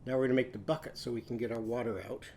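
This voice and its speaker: A man teaching young children a drawing and phonics lesson, giving slow, patient step-by-step instructions. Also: mid-range voice, fairly even intonation, dark tone, slight background noise.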